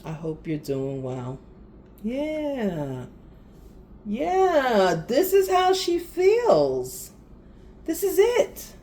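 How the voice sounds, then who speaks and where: A woman gives a casual spiritual reading, talking directly to her viewers in an unhurried way. Her pitch rises and falls widely as she laughs and makes exasperated asides. A faint hiss sits under the voice. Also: huge pitch swings, dark tone. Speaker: tarot reader.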